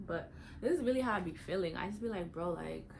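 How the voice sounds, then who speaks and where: Getting ready on camera, a young adult woman keeps up a casual, candid vlog chat, talking fast in animated, slangy bursts whose pitch leaps for emphasis. There's slight background noise.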